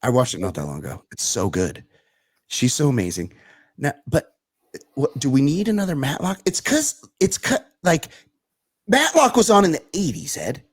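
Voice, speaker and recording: A man's voice: fairly high pitch, big pitch swings, moderate pace, husky. A man co-hosting a podcast, ranting in casual chat with lots of profanity. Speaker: podcast co-host.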